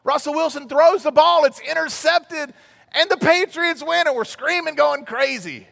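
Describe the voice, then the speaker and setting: A man's voice: extremely high pitch, normal speed, creaky, fairly bright tone. A man preaching a sermon as a pastor, telling stories conversationally and building to emphatic outbursts. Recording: long hall reverb.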